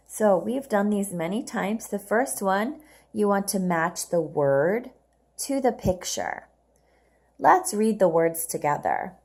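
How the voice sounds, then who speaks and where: Slow, patient woman teaching children English. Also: medium pitch. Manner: slow, clear, patient, models words twice for repeating. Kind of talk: recorded homework lesson for young learners.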